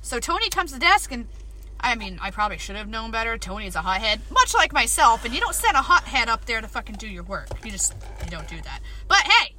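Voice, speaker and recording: Animated high-voiced woman, swearing freely. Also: quick pace, background noise. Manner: swearing, animated storytelling, frequent laughs. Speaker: podcast co-host. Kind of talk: casual chat.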